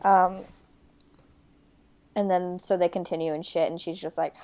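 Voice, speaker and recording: A woman co-hosting a casual movie podcast, with a dry, deadpan delivery. She backs up her partner with steady agreement and mocks the film's cheap effects. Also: fairly low pitch, normal speed, long pauses. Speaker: podcast co-host. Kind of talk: casual movie-recap chat.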